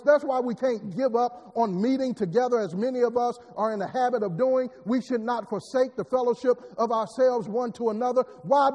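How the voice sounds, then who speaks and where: A man's voice: very high voice, a little mellow. A man preaching a sermon, repeating words and building emphatic rising lines. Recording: long hall reverb.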